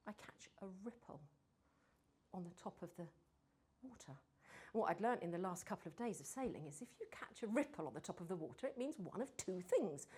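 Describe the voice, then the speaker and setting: A woman giving a lively talk on storytelling to a group, acting out her stories and sometimes dropping to a whisper for suspense. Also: a little high, husky. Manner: animated, mimics accents, drops to whispers for suspense. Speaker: speaker on storytelling.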